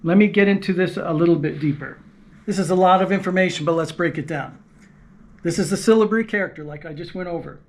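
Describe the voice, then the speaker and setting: A man's voice: high voice, quick pace. A man giving a patient, explanatory language lesson, repeating key points and demonstrating sounds aloud. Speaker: language teacher.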